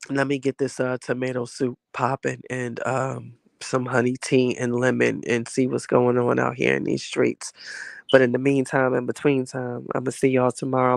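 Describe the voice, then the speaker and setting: Man, under the weather and winded; gravelly, expressive, sassy vlog chatter. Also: mid-range voice, no room sound. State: sick with a cold, winded. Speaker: vlogger. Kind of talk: casual chat to camera.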